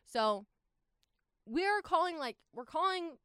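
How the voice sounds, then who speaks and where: A young woman in her twenties telling a travel story in a casual, animated way, full of "like" and exasperated asides. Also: very high-pitched, slow, no echo, studio quality.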